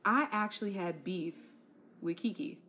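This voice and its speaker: A young adult woman hosting a casual solo podcast, gossiping in an animated way, laughing often and calling her listeners y'all, sis and honey. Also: lowish voice, unhurried, slight background noise. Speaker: podcast host.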